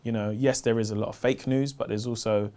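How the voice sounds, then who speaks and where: A man in his thirties with a South London accent answers interview questions in a relaxed, slangy way. He tells stories with plenty of energy and the odd "man" or "bruv", and his voice sits at an ordinary middle pitch for a man. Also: fairly quick. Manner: animated, slangy storytelling, gets loud and high when excited. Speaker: stand-up comedian.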